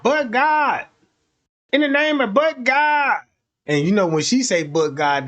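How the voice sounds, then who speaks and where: A man with a high voice rattles off a profane comedic rant, acting out each scene with animated energy. He sounds like a streamer riffing to his audience. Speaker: streamer commentator.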